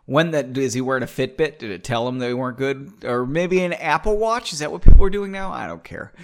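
A man's voice: mid-range voice, fairly quick. A man hosting a casual show, chatting and reading his story aloud with frequent digressions and laughs. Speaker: podcast host reading his own story.

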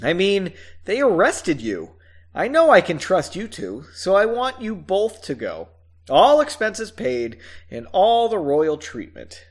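A man's voice: sits high, sing-song, slow pace, pitched above the performer's own voice, exaggerated voice. A man voicing an earnest, scheming male ruler, reading his lines aloud in a raised, eager, pleading voice.

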